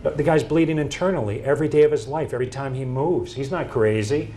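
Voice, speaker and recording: A man giving a presentation to an audience, telling stories and acting out quoted dialogue in an animated way. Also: medium pitch, fast, a little hiss or hum.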